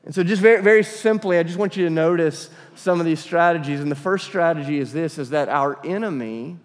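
A man's voice: fairly high pitch, brisk. A man preaching a sermon to a congregation, reading scripture and asking them to call out answers. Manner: emphatic, asks the congregation to respond. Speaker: pastor. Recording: reverberant church hall.

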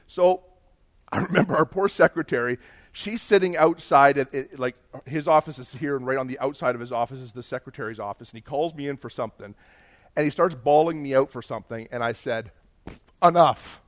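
A male pastor telling a story in a sermon, animated and emphatic, acting out the dialogue. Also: mid-range voice, fairly quick.

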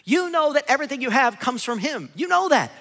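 With a very high voice, a pastor delivers an animated sermon to his flock, briefly playing biblical characters in rapid asides. The sound carries a long reverb from the hall.

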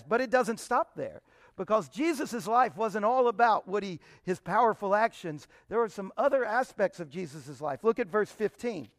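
A man's voice: high-pitched, no room sound, clean studio sound. A man giving an emphatic Bible teaching, often posing rhetorical questions to his listeners.

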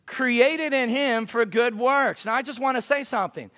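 High-voiced emphatic man preaching. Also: a bit bright. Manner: emphatic, slows down for scripture quotes. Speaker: guest preacher. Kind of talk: sermon.

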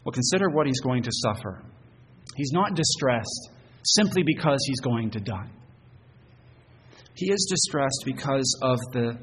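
A man preaching a sermon as pastor, earnest and halting, often repeating words as he goes. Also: medium pitch, expressive, a bit bright. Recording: long church reverb, faint noise.

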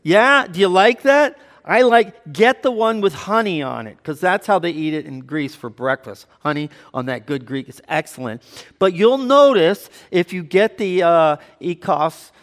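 A man's voice: high voice, animated, unhurried, a bit bright. Preaching man in a reverberant hall. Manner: conversational preaching with audience banter. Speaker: pastor. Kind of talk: sermon.

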